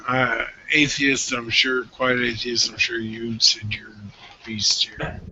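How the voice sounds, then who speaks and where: A blunt man swears freely in casual podcast talk. His voice is very bright and sharp. A faint hiss sits under the lo-fi call audio. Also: mid-range voice, level tone, slow. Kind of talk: casual chat.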